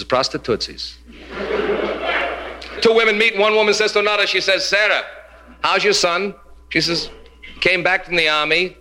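A man's voice: on the high side, bright, forceful tone. A man performing a stand-up routine in a club, teasing the audience and dropping Yiddish punchlines in a brash manner. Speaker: stand-up comedian. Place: live club before an audience.

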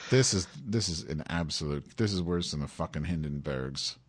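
A man's voice: rumbling low, husky. A man hosting a live online show, cursing constantly and exasperated with his technical setup. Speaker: livestream host. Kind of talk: frustrated casual livestream chat.

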